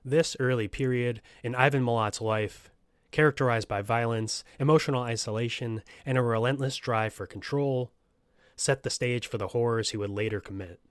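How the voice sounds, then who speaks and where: A man's voice: medium pitch, fairly even intonation, moderate pace, clean tone, no echo, clean studio sound. A man hosting a true crime podcast, reading a script and breaking off into joking, profane asides. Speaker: podcast host.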